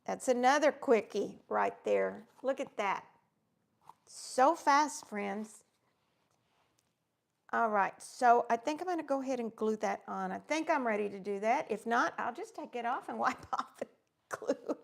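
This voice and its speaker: A woman's voice: a little high, measured pace, vocal fry. A middle-aged woman, chatting through a craft demonstration livestream and greeting viewers by name.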